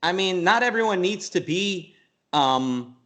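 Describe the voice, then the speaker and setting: A man as an interview guest, talking in a rambling, animated way, full of restarts and quick jumps into mock voices. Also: high-pitched. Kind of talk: casual conversational interview.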